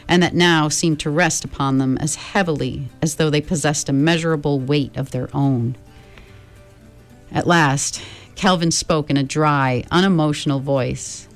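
A woman reading a story aloud in a calm, measured narrating voice. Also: low voice. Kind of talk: audiobook narration.

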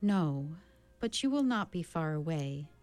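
A woman voicing a gentle, grave alien beast in a storybook, speaking slowly and searching for human words. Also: sits low, sing-song, dry recording, faint music behind. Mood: grave, soothing. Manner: slow, measured, searching for words.

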